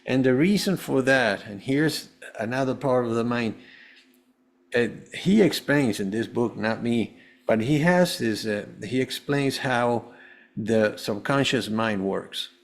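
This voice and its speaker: A man with an average pitch speaks as a podcast guest, recounting his life in an earnest, rambling manner. He circles back and restarts phrases often. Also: a little slow. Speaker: guest, holistic health coach. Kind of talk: personal storytelling in an interview.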